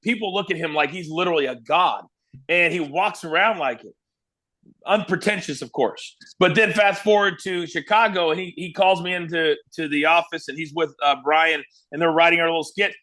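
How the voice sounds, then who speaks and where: Man, high voice, bright tone, lively storyteller, interview guest. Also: moderate pace. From Kansas, USA. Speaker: guest, former wrestling broadcaster.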